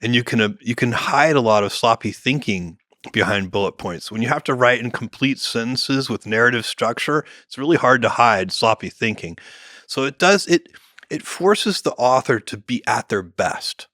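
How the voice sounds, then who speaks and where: Bright-voiced man, measured and musing. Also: medium pitch, animated, dry recording, clean studio sound. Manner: measured, thinks aloud with many "you know" fillers and restarts. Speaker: guest, company founder. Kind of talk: relaxed podcast conversation.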